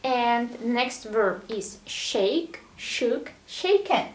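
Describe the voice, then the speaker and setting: A woman teaches English verbs at a very slow, careful pace, repeating each form one word at a time and checking in with "all right?" Her voice sits a little high and rings in an echoey room. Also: lively intonation, slight background noise. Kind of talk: slow, deliberate language lesson.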